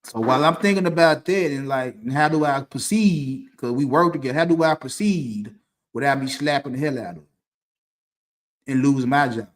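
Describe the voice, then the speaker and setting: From a dim room, a male podcast host tells a personal story to camera on a talk stream through his streaming mic. His mid-range voice moves at a normal speed, and his telling is loose, rambling, and conversational, full of restarts and laughter.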